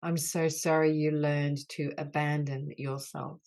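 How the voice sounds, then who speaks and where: A woman guides a healing session on an online group call, repeating gentle phrases. Her voice sits low with a gravelly fry, and she speaks in an unhurried, soothing way. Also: flat delivery. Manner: slow, soothing, repetitive apology phrases. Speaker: soul mentor leading a healing call.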